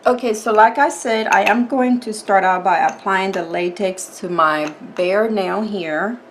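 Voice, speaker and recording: A woman explaining her nail art tutorial step by step in a relaxed, chatty way, with fillers. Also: medium pitch, measured pace, a little hiss or hum.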